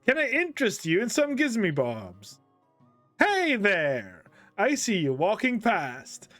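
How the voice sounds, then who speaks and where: A man's voice: sits high, huge pitch swings, slow pace, a bit bright, dry recording, faint music behind, voice pushed up, heavily acted. A man doing a singsong, pushy market hawker.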